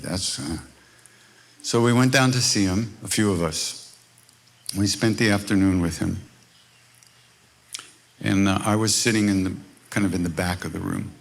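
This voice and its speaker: A spiritual teacher leads a live retreat workshop in a deep, gravelly voice, speaking at a measured pace and pausing often. His informal teaching is built on stories, told wryly and conversationally as he acts out the characters in them.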